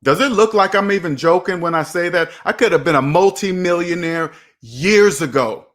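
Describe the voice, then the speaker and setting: A man in his forties delivers a fired-up money sermon straight to camera, circling back to the same points again and again. His voice sits a little high for a man, and he keeps calling himself by name as he scolds and urges. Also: moderate pace, fairly bright tone. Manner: preachy, repeats himself, talks to himself by name. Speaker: personal finance video host. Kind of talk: motivational monologue to camera.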